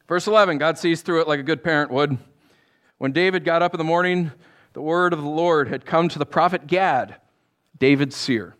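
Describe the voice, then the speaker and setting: A male pastor preaching a sermon, reading Bible verses and cracking jokes in animated asides. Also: fairly high pitch, moderate pace.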